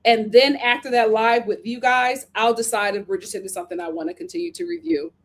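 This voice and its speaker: Chatty high-voiced woman streamer. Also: fairly quick. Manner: animated and chatty, with playful exaggeration. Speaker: live-stream host reading viewer comments. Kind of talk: casual live-stream chat.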